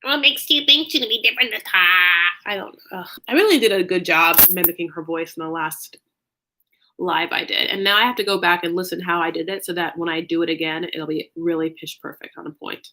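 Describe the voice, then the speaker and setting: A woman's voice: lowish voice, brisk, sharp tone. Chatty woman hosting a live stream. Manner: chatty, peppered with "like", answers viewer comments. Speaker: recap show host. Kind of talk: casual livestream chat.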